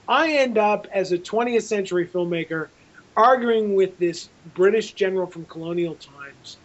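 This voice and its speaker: High-voiced man telling a lively anecdote. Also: highs cut off. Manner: lively, rambling storyteller with frequent restarts. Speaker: film director, interview guest.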